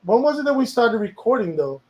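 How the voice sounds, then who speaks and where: A man's voice: extremely high pitch, big pitch swings, a little fast, rough recording. A man, a music producer, talking casually about making a song, rambling and slipping into Spanish now and then. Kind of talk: casual chat.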